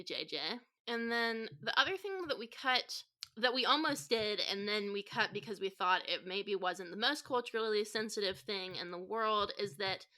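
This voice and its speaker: A woman hosts a casual podcast, steering the talk and handing off to others, with frequent ums. Her voice is bright and clear at an ordinary pitch for a woman. She sounds easygoing and organized. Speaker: podcast host. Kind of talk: casual discussion.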